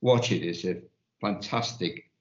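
A man rambling in a live casual panel chat, halting and restarting as he goes. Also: low-pitched, a little mellow. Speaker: panel guest. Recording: dull, roomy lo-fi sound.

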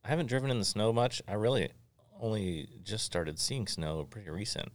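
A man in his forties from Florida hosting a casual chat, telling stories in an animated, joking way. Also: on the low side, fairly quick, no echo. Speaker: podcast host.

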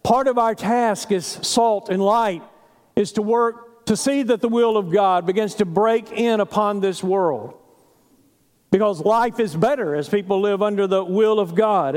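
A male pastor preaching a sermon earnestly, pausing for emphasis. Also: sits high, darkish tone, in a large hall.

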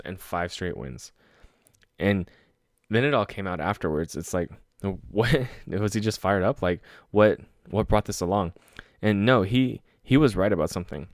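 Low-voiced excitable man talking sports. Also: dry recording, clean studio sound. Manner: excitable, swears freely, laughs at own stories. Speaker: sports podcast host. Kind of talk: casual solo sports talk.

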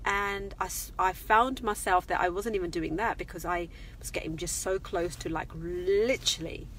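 A woman's voice: fairly low pitch, moderate pace, a bit bright, a little hiss or hum. A middle-aged woman chatting casually and confidingly on a live vlog from her parked car. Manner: chatty, confiding, laughs often. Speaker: vlogger.

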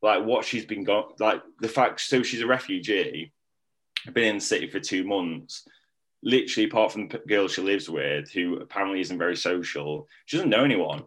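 A man's voice: deep voice, animated, normal speed, fairly bright tone. A young man telling a personal story in a rambling, casual way, full of filler words.

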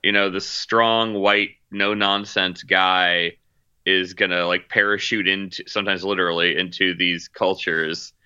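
A man's voice: sits low, level tone, a little slow, bright, forceful tone, clear, resonant tone, dry recording, muffled recording. A man chatting casually about movies, rambling with lots of fillers and restarts. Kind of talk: casual chat.

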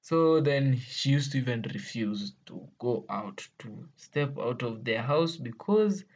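A Kenyan-accented vlogger tells stories to viewers casually and playfully, exclaiming, laughing often, and mixing English with Swahili slang. Her voice is mid-range, creaky, a little mellow, with a breathy edge and lo-fi sound.

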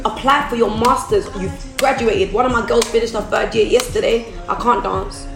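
A woman's voice: on the high side, fairly even intonation, normal speed, creaky, hardly any pauses. A businesswoman on a phone livestream, giving an emphatic, repetitive motivational talk. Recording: echoey room, faint music behind.

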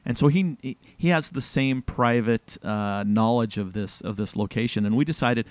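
A man's voice: medium pitch, moderate pace, darkish tone, no room sound. A man hosting a podcast, teasing his guest in casual chat, laughing often and restarting his sentences. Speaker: podcast host.

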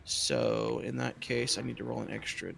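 A man's voice: fairly low pitch, very animated, moderate pace, gravelly, fairly bright tone, slight background noise. A man playing a tabletop game who thinks aloud, counts dice under his breath and cracks jokes. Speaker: player. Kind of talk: casual tabletop game chat.

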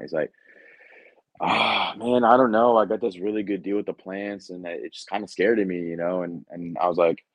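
A young man spins a casual recruiting story, slangy and blunt, full of fillers. His voice sits low. The recording is muffled and dry. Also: fairly quick, no echo. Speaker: Marine recruiter. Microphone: podcast mic.

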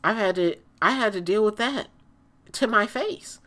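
A woman's voice: mid-range voice, a little slow, a bit bright. A woman in a casual ranting monologue, blunt and emphatic, who repeats her points and swears freely.

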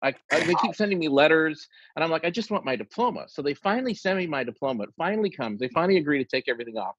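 A man's voice: a little high, racing, slightly rough, no room sound, highs cut off. A man telling a long funny story among friends, acting out the quoted lines with energy. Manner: animated anecdote teller, acts out quoted lines.

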